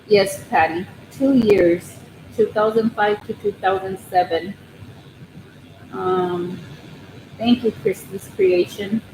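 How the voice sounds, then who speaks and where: A woman hosting a casual livestream from her living room, nervous and rambling, with many ums and restarts. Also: medium pitch. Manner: nervous, soft-spoken. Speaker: crochet channel host on a livestream. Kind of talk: casual live chat with viewers. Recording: roomy room with steady background noise.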